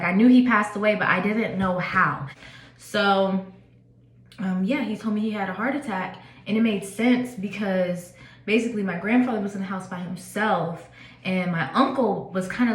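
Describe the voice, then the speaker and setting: A woman in her twenties telling a personal story in a casual, chatty vlog, with lots of "like" and fillers. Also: medium pitch. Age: 20s. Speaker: vlogger. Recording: echoey room.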